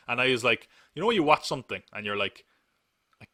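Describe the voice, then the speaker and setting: Sharp-toned rambling podcast host. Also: male voice, on the low side, expressive, quick pace, dry recording, clean studio sound. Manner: rambling, joking, laughs often. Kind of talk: casual live podcast chat.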